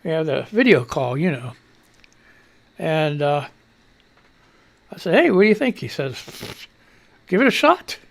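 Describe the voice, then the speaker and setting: A man hosting a live radio show in casual, rambling chat, loud greetings and freely swearing, audibly short of breath. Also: fairly high pitch, sing-song, measured pace, gravelly, pauses often.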